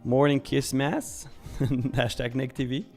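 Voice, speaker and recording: A man's voice: medium pitch, steady tone, slow pace, darkish tone, faint music behind. A young man hosting a live stream, casually reading viewer messages aloud and answering them. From Switzerland. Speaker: live-stream trading host.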